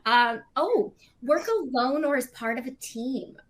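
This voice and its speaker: A woman's voice: high voice, expressive, a little slow. A woman, an actress, chatting in an interview and retelling little stories with quoted asides. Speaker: actress promoting a film. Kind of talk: casual playful chat.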